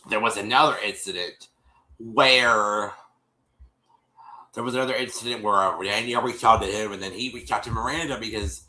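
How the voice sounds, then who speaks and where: This stream host's voice sits on the low side, bright and forceful, as he casually retells a TV episode to viewers. He says y'all, rambles, and restarts a lot, all captured on a streaming mic in low quality.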